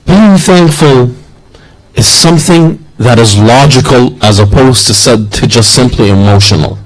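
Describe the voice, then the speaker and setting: A man's voice: medium pitch, rough recording. A man preaching a sermon in an earnest, rhythmic way that repeats its phrases.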